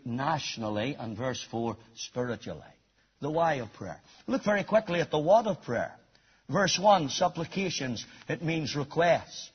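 A man preaching a sermon, emphatic, swinging from near shouts to a low, quiet delivery. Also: husky. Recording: dull lo-fi recording.

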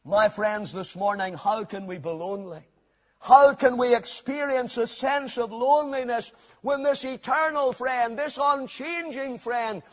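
A high, husky male voice preaches with fervour, dropping to a hush and then rising to a shout on repeated phrases. The recording is dull and lo-fi. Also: a little slow. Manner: fervent, swings from hushed to shouted emphasis; repeats phrases for emphasis, old-fashioned scripture wording. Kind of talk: sermon.

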